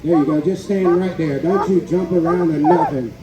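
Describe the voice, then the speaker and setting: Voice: mid-range voice, moderate pace, heavy background noise. A festival announcer giving joking, chatty play-by-play of an outdoor contest. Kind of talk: live event commentary. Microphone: public address loudspeaker. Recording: echoing PA amid a crowd.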